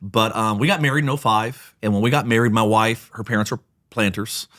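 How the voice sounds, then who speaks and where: Man pastor telling a lively story. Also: lowish voice, fairly quick. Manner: lively storyteller, acts out quotes, jokes. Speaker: pastor and church planter, guest. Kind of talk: storytelling in a podcast interview.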